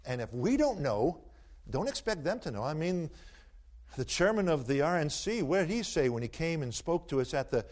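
A man's voice: a little high, big pitch swings, normal speed, darkish tone. A man giving a talk to an audience, telling stories in a folksy way and driving his points home with rhetorical, preacherly emphasis. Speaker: speaker taking audience questions. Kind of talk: folksy storytelling lecture.

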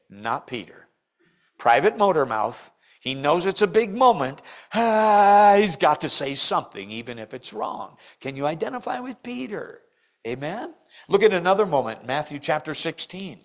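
An older man preaching a sermon in church, telling stories and acting out the people he quotes with big jumps in his voice. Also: moderate pace. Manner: animated storytelling, acts out quotes with big pitch jumps.

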